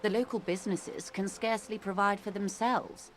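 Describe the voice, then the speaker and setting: An actress voicing a composed, calculating corporate woman negotiator in a video game, measured and persuasive. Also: mid-range voice, fairly even intonation, a little hiss or hum, natural voice. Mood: calm, persuasive.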